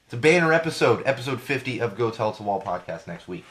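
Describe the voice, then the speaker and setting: Hoarse man hosting a podcast. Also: mid-range voice, sing-song, fast, fairly bright tone. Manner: rambling, repeats phrases for emphasis. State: hoarse, losing his voice from a cold. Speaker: podcast host. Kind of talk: casual podcast monologue.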